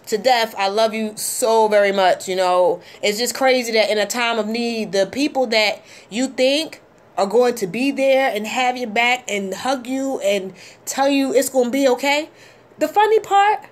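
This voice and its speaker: A middle-aged woman hosting a call-in show, talking in a heartfelt, halting way with many ums. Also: a little high, steady tone. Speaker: host. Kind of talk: casual call-in show talk.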